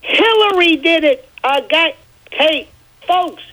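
A man on a radio talk show giving his opinions in an emphatic, rambling, animated way. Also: extremely high pitch, takes it slowly, rough recording. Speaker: radio commentator.

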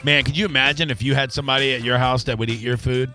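A man's voice: fairly even intonation, fast, pushed and bright, faint music behind. A man hosting a radio show, chatting casually with co-hosts, joking and laughing often. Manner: joking, laughs a lot, swings into high exclamations.

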